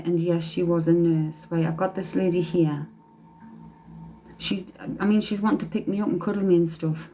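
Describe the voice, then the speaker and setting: A woman's voice: medium pitch, mellow, slight background noise, poor audio. A woman working as a psychic medium, giving a live-stream reading in a hesitant way, repeating phrases and humming song lines, speaking into a phone.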